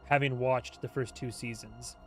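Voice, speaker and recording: A man chatting casually on a livestream, rambling from point to point with easy jokes and frequent laughter. His voice sits at a middling pitch, with soft music playing faintly behind him. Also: fairly even intonation. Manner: rambling, joking, quick to laugh. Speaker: YouTube host, TV show reviewer.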